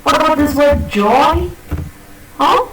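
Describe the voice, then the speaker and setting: A woman's voice: high-pitched, lively intonation, slow, background noise. A woman teaching pronunciation in a classroom lecture, patiently repeating and demonstrating words and checking that students follow. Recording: echoey classroom from a distant mic.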